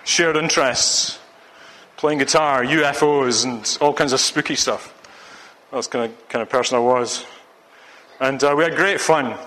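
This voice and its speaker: A man's voice: on the high side, bright, forceful tone. A man from Scotland preaching a sermon, earnest and urging, repeating phrases for emphasis. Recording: long hall reverb.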